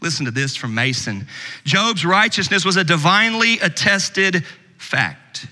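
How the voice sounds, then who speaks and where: A man preaching a sermon as pastor, swinging between loud emphasis and hushed asides. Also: high-pitched, animated, a little slow, big-room sound.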